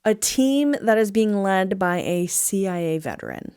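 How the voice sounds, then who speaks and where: A woman recapping a movie on a podcast in a rambling, casual way, full of fillers and quick acted-out quotes. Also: mid-range voice, lively intonation, a little mellow, clear, resonant tone.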